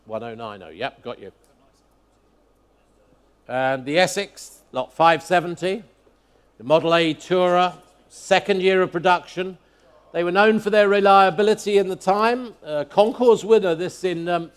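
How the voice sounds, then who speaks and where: Higher-voiced auctioneer calling bids. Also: male voice, clear, resonant tone. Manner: brisk, repeats bids in a rhythmic chant. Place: auction hall at a motor museum.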